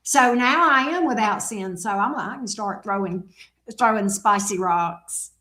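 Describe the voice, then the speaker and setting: A woman's voice: medium pitch, measured pace, bright, forceful tone. A woman who hosts a tarot channel. She chats casually and teasingly with viewers and her dog. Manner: playful, teasing, joking. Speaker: tarot reader, channel host. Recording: echoey room.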